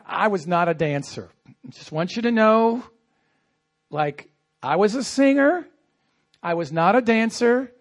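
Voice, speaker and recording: High-voiced pastor preaching animatedly. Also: male voice, measured pace, long pauses. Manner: animated storytelling with quoted asides. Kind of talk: sermon. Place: church.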